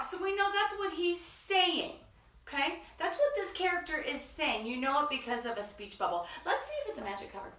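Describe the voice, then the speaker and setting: A woman's voice: high voice, sharp tone, echoey room, distant mic. A woman hosting a children's story time, talking to kids in a sing-song, enthusiastic teacher way. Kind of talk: children's read-aloud lesson.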